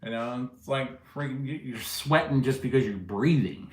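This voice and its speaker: A man's voice: mid-range voice, expressive, normal speed, darkish tone, reverberant, slight background noise. A man hosting a casual livestream, rambling and joking with viewers and laughing at his own stories. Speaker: livestream host chatting with viewers. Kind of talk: casual rambling live chat.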